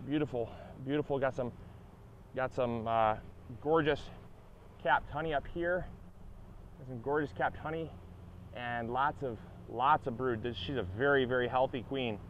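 A young man hosting a gardening channel, talking casually outdoors at his beehive, relaxed and upbeat with many fillers and restarts. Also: medium pitch, moderate pace, long pauses, muffled recording, a little hiss or hum. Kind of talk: casual outdoor how-to vlog.

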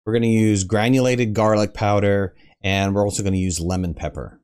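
A man's voice: on the low side, fairly even intonation, a little fast, a little mellow, smooth. A man hosting a casual cooking tutorial, chatty and joking, with self-mocking asides. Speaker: cooking show host.

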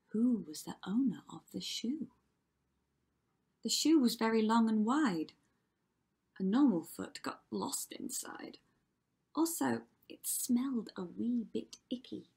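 A woman's voice: on the high side, gravelly, a little mellow, slightly rough. A woman teacher reading a rhyming story aloud to children with dramatic delivery, often dropping to a whisper. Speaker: primary school teacher.

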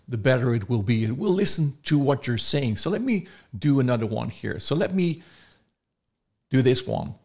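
Enthusiastic man demoing software. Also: mid-range voice, vocal fry. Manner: enthusiastic, demonstrating step by step. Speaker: software reviewer. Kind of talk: screen-recorded product review.

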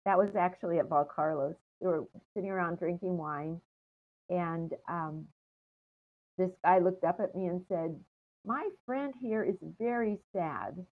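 Soft-spoken woman over a tinny line. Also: lowish voice. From United States. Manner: meandering, many ums and trailing pauses. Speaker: interview guest. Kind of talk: casual storytelling interview.

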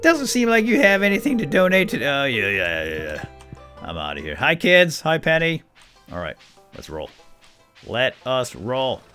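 A man's voice: fairly low pitch, pushed and bright. A man hosting a let's play, giving casual, jokey gameplay commentary and talking to the game characters.

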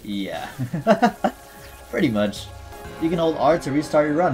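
A man's voice: a little high, very animated, unhurried, a little mellow, faint music behind. A man giving casual, jokey commentary over his gameplay, reading item descriptions aloud and talking back to the game's character. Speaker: gaming YouTuber.

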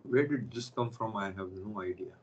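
Husky-voiced man teaching an online class. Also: on the low side, normal speed, muffled recording. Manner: explains step by step, stops to check with students.

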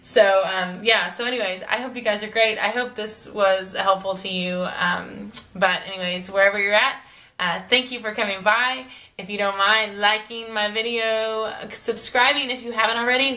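A woman's voice: medium pitch, fairly even intonation, moderate pace, pushed and bright. A woman vlogger chatting casually to her viewers, rambling and giggling as she goes. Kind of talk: casual chat to camera.

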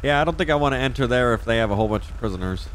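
A man's voice: medium pitch, lively intonation, rapid-fire. Chatty swearing man, game chat noise. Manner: chatty, swears a lot, laughs easily. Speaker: streamer playing a police officer. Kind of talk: casual role-play chat.

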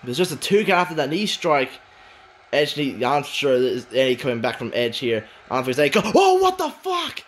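A man calling a wrestling match play by play, excitable, shouting in bursts and swearing. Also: mid-range voice, moderate pace, a little hiss or hum. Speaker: wrestling commentator.

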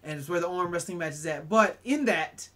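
A man hosting a podcast, telling a story in a casual, animated way and tagging "right?" onto his lines. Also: high voice, a little fast. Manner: animated, acts out quotes, keeps adding "right?". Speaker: podcast host.

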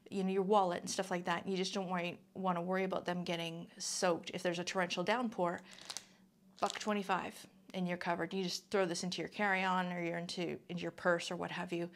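A middle-aged woman from Canada chatting casually through a product review, full of ums and friendly asides. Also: lowish voice. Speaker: vlogger.

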